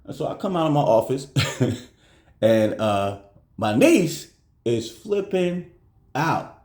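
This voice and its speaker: A man's voice: mid-range voice, takes it slowly, reverberant. A man telling a casual story to his viewers at home, acting out every person's voice as he goes. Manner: animated, acts out everyone's voices. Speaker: vlogger.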